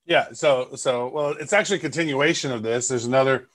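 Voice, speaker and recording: A man's voice: medium pitch, brisk, a bit bright. A man co-hosting a casual podcast, chatty and rambling with fillers. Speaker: podcast co-host. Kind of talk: casual chat.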